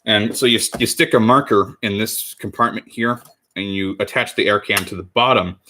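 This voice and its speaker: Young american guy livestreaming his crafting, bright voice pitched a bit low, rambly and chatty. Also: fairly even intonation, moderate pace, slight background noise. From United States. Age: 20s. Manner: rambling, self-correcting, chatty with viewers. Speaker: cosplay livestreamer. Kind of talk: casual livestream chat while crafting.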